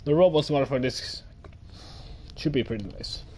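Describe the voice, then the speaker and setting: A man giving casual, excitable gameplay commentary, thinking aloud and swearing often, his throat a little strained. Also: mid-range voice, normal speed. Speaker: gaming let's-player.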